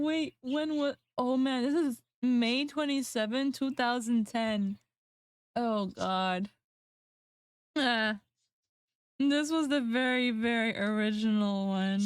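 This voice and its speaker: A woman's voice: a little high, slow pace, pauses often, clear, resonant tone. A woman streamer chatting casually with her viewers, laughing often and mocking herself. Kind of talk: casual livestream chat.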